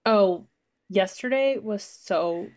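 An animated woman co-host talks in a relaxed podcast chat, full of "like" and quick asides. Her voice sits in an ordinary middle register. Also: mid-range voice. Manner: animated, says "like" a lot. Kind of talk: casual chat.

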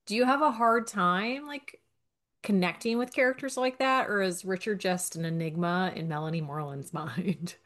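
A woman hosting a casual podcast chat, teasing her guest and adding quick agreeing remarks. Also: mid-range voice, fairly bright tone. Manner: teasing, gives lots of little agreeing noises. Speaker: podcast host.

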